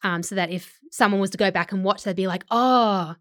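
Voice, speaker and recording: A woman's voice: medium pitch, little pitch movement, fast, no echo. Chatty woman actor giving an interview, casual and laughing, in a dry close recording. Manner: chatty, laughs often, many fillers. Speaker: actor and filmmaker guest.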